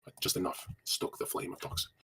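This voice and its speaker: A man giving casual dating advice on a live stream, blunt and crude, swearing often and rattling on with many fillers as he answers chat. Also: sharp tone. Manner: rapid, run-on delivery with many fillers.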